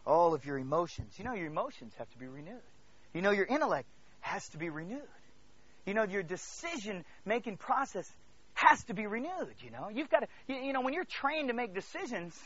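A pastor with a high, bright voice delivers a sermon, shifting from hushed near-whispers to loud outbursts as he calls out to his listeners. The recording sounds dull and lo-fi. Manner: storytelling, calls out to the congregation.

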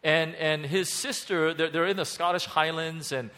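A man preaching a sermon as pastor, animated and halting, with many restarts and fillers. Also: on the high side.

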